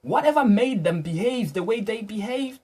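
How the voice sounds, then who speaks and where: A man's voice: sits high, lively intonation, normal speed, warm tone, breathy edge. A man earnestly retelling a personal encounter in a reflective, motivational way, often repeating and restarting his phrases. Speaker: vlogger.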